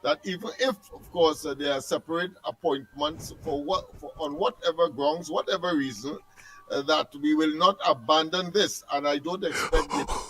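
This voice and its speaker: A man's voice: on the high side, moderate pace, fairly bright tone, rough recording. A man talking on a radio program in a pompous, wordy and formal way.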